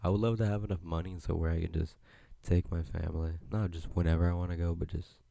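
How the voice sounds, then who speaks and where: A man's voice: low-pitched, level tone, fast talker, gravelly, warm tone, no echo. A young man hosting a solo podcast, rambling in a laid-back way and swearing freely. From United States. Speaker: podcast host. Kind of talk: solo casual podcast chat.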